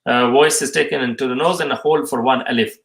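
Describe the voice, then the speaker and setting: A man teaching a live tajweed lesson, reading out questions and explaining the answers haltingly, often restating each term twice. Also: mid-range voice, fairly even intonation, fairly bright tone. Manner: halting, many fillers, restates terms twice. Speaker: Quran recitation teacher. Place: mosque or Islamic centre room. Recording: roomy echo.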